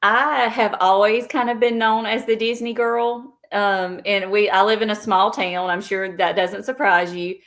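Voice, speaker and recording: Brief: woman, Southern US accent, mid pitch, plainspoken and modest, prone to tangents. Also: fairly even intonation, a little slow, hardly any pauses, a bit bright. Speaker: travel agent guest. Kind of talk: casual interview.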